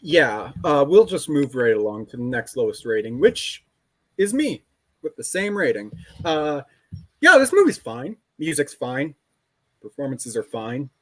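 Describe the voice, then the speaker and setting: A man co-hosting a casual podcast, deadpan and curt in his replies. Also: medium pitch, measured pace, dry recording. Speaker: podcast co-host.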